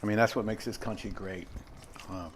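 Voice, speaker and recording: A man's voice: on the low side, steady tone, brisk, a little hiss or hum. An older man demonstrating a recipe in his home kitchen, rambling and chatty with many fillers and asides. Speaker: home cooking host. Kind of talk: casual cooking demonstration.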